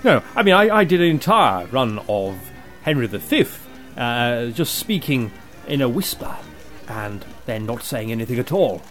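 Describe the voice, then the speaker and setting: A man's voice: mid-range voice, big pitch swings, unhurried, a bit bright, faint music behind. A man in a comedy sketch, speaking in a dry, weary, put-upon way. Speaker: actor character.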